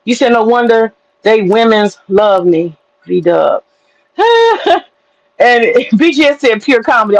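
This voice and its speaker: A woman hosting a livestream, telling stories in an animated, profane way and chatting with her viewers. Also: a little high, slow pace, lo-fi sound. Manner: animated, profane storytelling with laughter. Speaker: livestream host. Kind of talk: casual livestream commentary.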